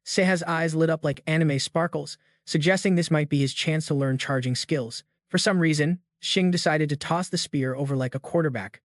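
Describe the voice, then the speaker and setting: A man's voice: on the high side, moderate pace, hardly any pauses, no echo, clean studio sound. Hyped man narrating a recap. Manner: slangy, hyped-up storytelling. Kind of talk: scripted narration.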